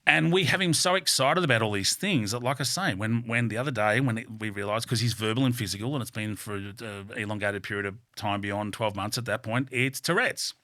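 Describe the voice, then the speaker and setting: A man with an Australian accent tells candid, animated stories as a studio interview guest. His voice is bright and forceful, and he speaks bluntly with plenty of swearing. The sound is dry and close, with no room echo. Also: fairly low pitch, brisk, hardly any pauses. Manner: blunt, swears freely, animated with vivid metaphors. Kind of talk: candid storytelling in a podcast interview.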